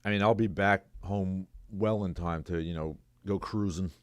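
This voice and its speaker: A man's voice: low-pitched, fairly even intonation, normal speed, no echo, clean studio sound. Sarcastic man rambling on a livestream. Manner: sarcastic, rambling, reads chat aloud. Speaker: livestream host. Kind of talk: casual solo commentary.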